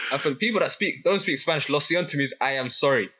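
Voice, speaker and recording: Young guy rambling through a story, bright voice but a bit husky, keeps restarting. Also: fairly high pitch, brisk, muffled recording. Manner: animated, laughing, many restarts. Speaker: guest. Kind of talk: casual storytelling chat.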